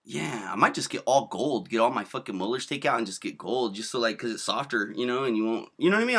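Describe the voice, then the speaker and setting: A man's voice: medium pitch, pushed and bright. A man in his thirties giving casual, rambling video commentary, slangy and profane, full of fillers. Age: 30s.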